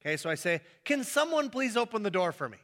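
Animated, bright-voiced preacher man. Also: high voice, quick pace. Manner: animated, acting out little scenes with voices. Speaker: pastor. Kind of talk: sermon.

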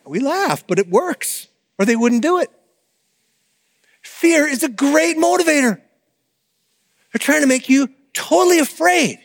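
A man preaching a sermon in an animated, conversational way, with asides to the congregation. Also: very high-pitched, a little slow, long pauses, big-room sound. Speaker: pastor.

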